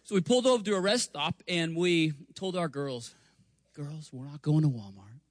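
Male preacher in his 40s, raised voice, dry close sound; animated storyteller who slips into character voices. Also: a little high, moderate pace, dry recording. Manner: animated, acts out family voices, stumbles over words. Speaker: guest preacher. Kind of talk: storytelling sermon. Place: church sanctuary.

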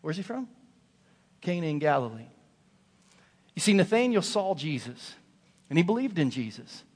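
A man's voice: on the high side, sing-song, normal speed. A male pastor preaching a sermon in a church sanctuary, driving points home with emphatic, building repetition. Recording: long hall reverb in a sanctuary.

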